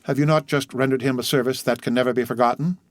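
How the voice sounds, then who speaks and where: A man reading an audiobook, voicing an earnest young gentleman who presses his case out of worry for a friend. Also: mid-range voice, steady tone, fast, dry recording, close to an everyday voice.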